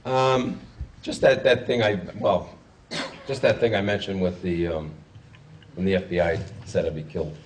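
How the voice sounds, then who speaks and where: A man's voice: low-pitched, steady tone, moderate pace, far from the mic, a little hiss or hum, poor audio. A man, a journalist telling stories in a rambling, wry, self-correcting way. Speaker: journalist guest speaker. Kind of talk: casual storytelling talk.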